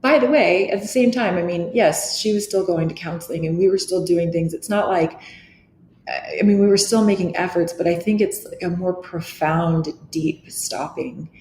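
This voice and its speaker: Earnest middle-aged woman, low voice. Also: moderate pace, darkish tone. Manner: earnest, reflective, restarts often. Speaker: guest. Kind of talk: candid interview talk. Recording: echoey room with faint noise.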